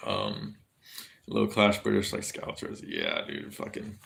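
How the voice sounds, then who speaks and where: A man with an American accent talks through a casual livestream in a lowish voice. He rambles and swears freely, circling back and restarting his sentences as he goes. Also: huge pitch swings, a little slow, gravelly. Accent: General American. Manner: rambling, profane, many restarts.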